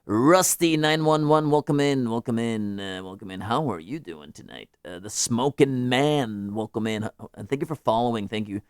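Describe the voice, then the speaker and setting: A man's voice: fairly low pitch, normal speed, hardly any pauses, clean tone, no echo, clean studio sound. A man hosting a live music stream, chatting casually with viewers, rambling and joking as he interrupts himself. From United States.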